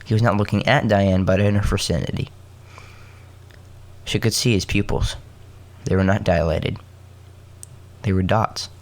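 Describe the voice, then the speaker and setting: A man hosting a podcast, reading a story aloud with halting restarts and joking asides. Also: lowish voice, fairly even intonation. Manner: halting, self-correcting, joking asides between coughs.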